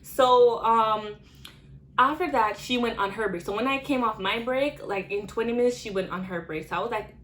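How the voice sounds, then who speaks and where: A woman's voice: on the high side, normal speed, fairly bright tone, a little hiss or hum, rough recording. Rambling young woman telling a story. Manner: rambling, filler-heavy retelling. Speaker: vlogger. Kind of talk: storytime vlog.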